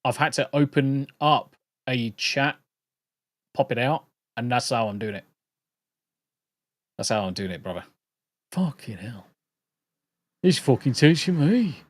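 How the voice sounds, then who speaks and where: A man's voice: medium pitch, animated, a little slow, long pauses, no echo. British man, livestream host, rambling, jokey, swearing, dry close mic. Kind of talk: casual livestream chat.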